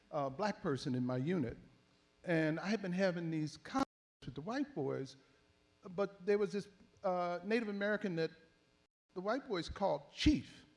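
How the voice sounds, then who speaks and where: An older man from Philadelphia, an elder activist telling his story slowly and reflectively in an oral history conversation, with many pauses and fillers. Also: high-pitched. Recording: handheld mic in a panel setting.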